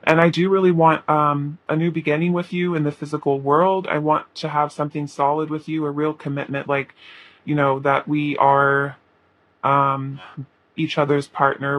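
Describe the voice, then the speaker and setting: A man reading tarot, speaking a channeled message in the first person in a halting, earnest way with many pauses and fillers. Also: on the high side, a bit bright, no room sound, low-quality recording. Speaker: tarot reader.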